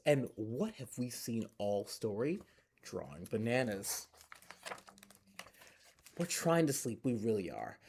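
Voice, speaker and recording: A man reads a bedtime picture book aloud, breaking off for chatty asides to young listeners. His voice is warm and mellow. His pitch swings widely and playfully. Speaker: library storyteller.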